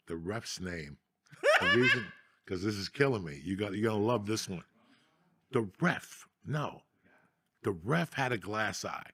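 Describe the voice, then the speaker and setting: Middle-aged New guy, gravelly and husky, profane and laughing storyteller. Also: lowish voice, fairly bright tone, dry recording. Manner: profane, laughing through his stories. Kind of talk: casual storytelling talk.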